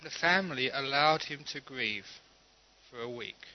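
A man giving a Buddhist dharma talk and telling a teaching story in a calm, measured way. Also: mid-range voice, muffled recording.

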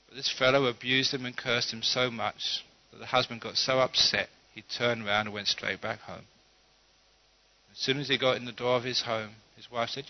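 A male Buddhist teacher tells a parable in an easy, chuckling way and leaves plenty of pauses. His voice sits at a middle pitch. The recording is slightly dull and lo-fi. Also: no echo. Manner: relaxed, chuckling storyteller with pauses. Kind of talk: humorous dharma talk with storytelling.

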